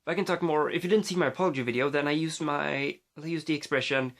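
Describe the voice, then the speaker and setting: A man's voice: fairly high pitch, fast, fairly bright tone. A man with a Swedish accent, a native Swedish speaker, vlogging casually into his phone, rambling with many fillers and restarts.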